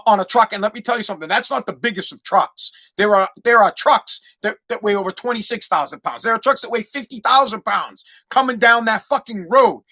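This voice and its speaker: Animated, bright-voiced man. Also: sits high. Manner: animated, profane, lots of restarts. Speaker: podcast host. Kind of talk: casual storytelling monologue.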